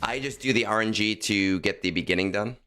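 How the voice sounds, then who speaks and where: A man's voice: fairly low pitch, fairly quick, bright, forceful tone, smooth. A man streaming a video game, chatting casually with viewers and muttering to himself as he works out his moves. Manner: muttering to himself, self-correcting. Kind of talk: casual livestream chat while playing.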